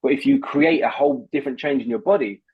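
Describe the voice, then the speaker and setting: Husky voice coach, dull dry sound. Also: male voice, mid-range voice, fast, no echo. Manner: animated, coaching, laughs often. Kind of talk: instructive conversation.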